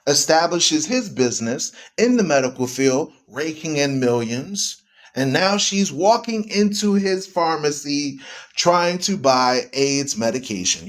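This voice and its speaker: Guy preaching on a radio show, kinda high voice, repeats stuff for emphasis, talks right at you. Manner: emphatic, repeats words for stress; addresses listeners directly. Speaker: radio guest. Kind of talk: preaching commentary.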